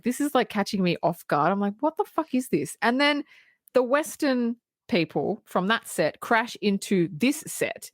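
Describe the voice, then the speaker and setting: A woman's voice: mid-range voice, no echo, studio quality. A woman co-hosting a podcast, retelling a film scene by scene in casual chat, swearing and laughing often. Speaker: podcast co-host.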